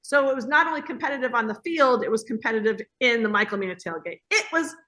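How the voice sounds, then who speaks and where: Speaking fast in a fairly high voice, a hospitality business owner appears as a guest in a casual video-call interview. She's a lively storyteller, performing the voices of the people she quotes.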